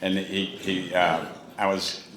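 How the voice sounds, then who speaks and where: A man's voice: low voice, level tone, slow pace, a bit bright. A man with an East Tennessee accent giving a folksy, rambling, self-mocking dinner speech as a congressman. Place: banquet hall. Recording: echoey hall, faint room noise.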